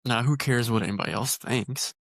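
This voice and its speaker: A man's voice: medium pitch, fairly quick, gravelly, no echo, clean studio sound. A man from northern Iowa hosting a podcast, teasing his guest in a joking, casual chat. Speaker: podcast host.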